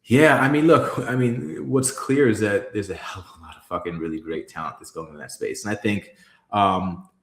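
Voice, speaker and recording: A low-voiced man speaking in a candid interview, recorded in a room with noticeable echo. He tells stories emphatically, swears for effect and stumbles into restarts as he builds his point. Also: normal speed, vocal fry. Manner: emphatic, profane, storytelling with many restarts. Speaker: guest, creative executive.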